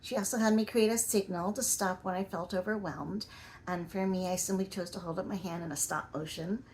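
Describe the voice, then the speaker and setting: Soft-spoken woman, reflective personal talk. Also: mid-range voice, steady tone, brisk, slight background noise. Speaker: vlogger.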